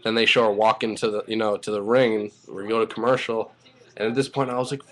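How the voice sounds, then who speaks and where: A man giving a casual spoken recap of a wrestling show, rambling and excitable, swearing freely as he goes. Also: mid-range voice, fast talker.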